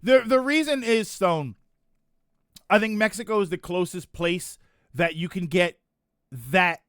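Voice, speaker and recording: Chatty man, high and dry. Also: a bit bright, clear, resonant tone, no echo. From United States. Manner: rambling, self-correcting, chuckling asides. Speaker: streamer chatting with viewers. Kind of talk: casual chat reading chat comments.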